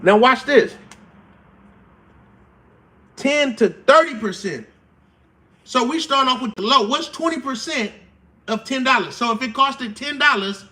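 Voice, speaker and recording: An extremely high-pitched man hosts a casual live stream explainer. He's slangy and animated, acting out quotes as he goes.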